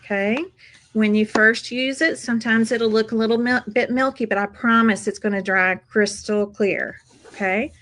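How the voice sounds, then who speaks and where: A woman's voice: fairly high pitch, steady tone, normal speed, fairly bright tone, slight background noise, low-quality recording. A woman hosting a casual craft tutorial, chatty and upbeat, talking to viewers as she works at a craft table. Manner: chatty, upbeat, addresses viewers as "you guys".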